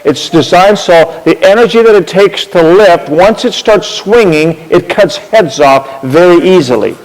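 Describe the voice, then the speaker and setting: Animated yet measured, a man whose pitch sits slightly raised shares history through a chatty, wandering anecdote. Heavy reverb makes him sound like he's in a large hall. He tends to repeat a word while finding his thought, pointing things out with props as he talks.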